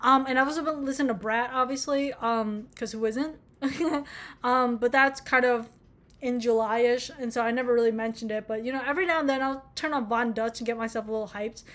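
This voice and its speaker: A woman's voice: fairly high pitch, a little fast, a bit bright. A young American woman in her twenties chatting casually about music, rambling, swearing and mocking herself. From United States. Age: young adult. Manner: rambling, profane, self-mocking. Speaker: vlogger. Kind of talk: casual chat.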